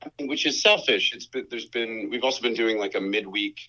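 A man's voice: lowish voice, a little fast, sharp tone, rough recording. A man as a guest on a podcast call, talking in a rambling, self-deprecating way with frequent laughs. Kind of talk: casual chat over a call.

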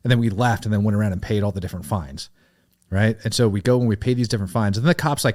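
A middle-aged man telling a wild story in casual podcast chat, animated and profane, laughing as he goes. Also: on the low side, very fast. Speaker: podcast guest.

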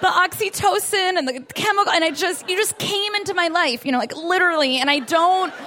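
A woman's voice: extremely high pitch, brisk, sharp tone. A woman in her thirties doing a self-deprecating stand-up set on a club stage, often laughing through her lines. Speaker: stand-up comedian.

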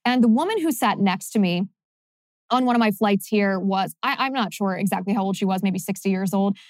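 A woman's voice: mid-range voice, brisk, darkish tone, dry recording, clean studio sound. A young woman hosting a podcast, delivering an opinionated monologue in a sarcastic, emphatic way. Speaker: podcast host.

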